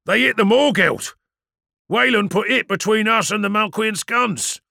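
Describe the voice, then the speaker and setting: Man doing a snarling gunnery officer, higher voice, loud, bright, sci-fi audiobook. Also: drawn-out words, creaky, no room sound, clean studio sound, full character voice. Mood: grudging. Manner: snarling, urgent, eager to fire. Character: fierce male warship gunnery officer, aggressive.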